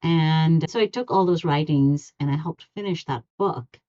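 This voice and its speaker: A woman dentist, a podcast guest, telling a personal story in an earnest, steady way. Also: low voice, normal speed, dull audio.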